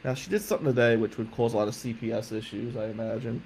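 A man telling a personal story in an emphatic, profane way, loudly acting out the people he quotes. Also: medium pitch, fairly even intonation, quick pace, a little hiss or hum, rough recording.

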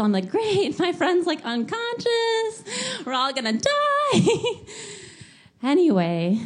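Young woman telling a story, lots of laughing and likes, super animated. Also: mid-range voice. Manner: animated, laughing often, many filler likes. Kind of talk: casual personal storytelling.

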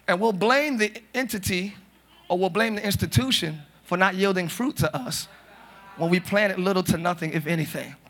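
A man preaching a live sermon as pastor, talking to the congregation in a loose, joking way and breaking into loud shouts. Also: sits high. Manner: conversational, jokey, bursts into shouts. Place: church sanctuary.

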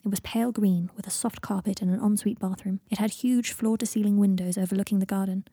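A woman narrating a fan fiction audiobook in a quiet, steady reading voice. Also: medium pitch, quick pace, breathy edge, no echo, clean studio sound.

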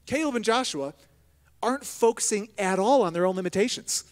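A man preaching a sermon as pastor, moving between hushed prayer and loud, emphatic exhortation. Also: sits high, lively intonation, fairly quick. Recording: long hall reverb.

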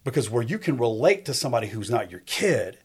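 A man's voice: medium pitch, very animated, fast, darkish tone, slightly rough. A man in his fifties, a guest in a faith-based conversation, who talks emphatically in a preacherly rhythm and repeats his key lines. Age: 50s. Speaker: guest on a faith talk show.

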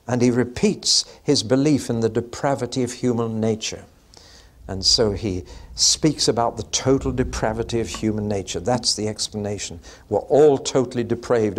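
A man giving a Bible teaching talk in a conversational way, with wry asides and rhetorical questions to his listeners. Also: mid-range voice.

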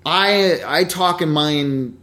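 A man's voice: a little high, slow pace, sharp tone. A man who works as an actor, talking bluntly in casual chat and swearing for emphasis.

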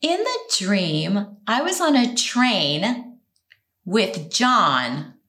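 A woman guest telling a personal story in conversation, in an animated, expressive way with quick laughs. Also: mid-range voice.

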